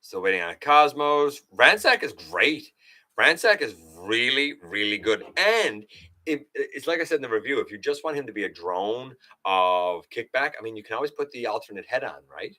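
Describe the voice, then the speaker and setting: Male streamer host, casual and chatty, bright tone, lively swings in pitch, quizzes his viewers. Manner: animated, chatty, quiz-master questions to viewers. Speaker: live show host. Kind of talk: casual livestream chat reading viewer comments.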